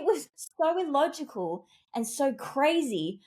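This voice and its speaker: A woman speaking as a communications expert and executive coach in a podcast interview, telling stories in an animated, emphatic way with big leaps in pitch. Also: moderate pace. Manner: animated, emphatic storytelling with wide pitch jumps.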